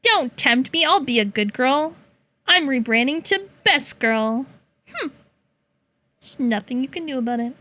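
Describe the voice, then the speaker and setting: Bright-voiced playful young woman streamer. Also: lively intonation, a little slow, long pauses. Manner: playful, teasing, laughs often, meows in a high voice. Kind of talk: casual chat with chat.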